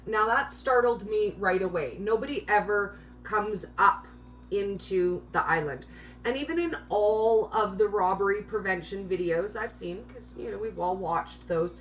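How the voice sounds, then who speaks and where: A woman's voice: mid-range voice, fairly bright tone, far from the mic, a little hiss or hum, low-quality recording. A woman vlogger telling a personal story in a chatty, self-mocking way with nervous giggles. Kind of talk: casual storytelling.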